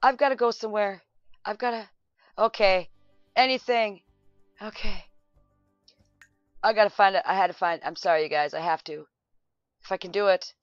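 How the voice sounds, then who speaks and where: A woman casually commenting on a life-sim game, excitable, laughing and shouting at the screen. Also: mid-range voice, moderate pace, long pauses, dry recording, lo-fi sound, faint music behind. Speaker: gameplay video host.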